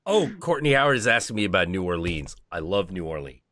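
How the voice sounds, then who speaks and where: A man's voice: low voice, sing-song, fast, fairly bright tone, no room sound, studio quality. A young man hosting a stream, ranting in casual chat with lots of profanity and mock voices for other people. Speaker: stream host.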